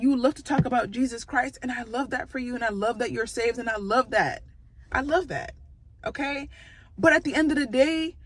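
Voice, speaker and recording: Young woman vlogger, high-pitched and a bit husky; casual, animated storytelling that acts out the people in it. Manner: animated, swears freely, acts out quotes. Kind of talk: storytime vlog, casual venting.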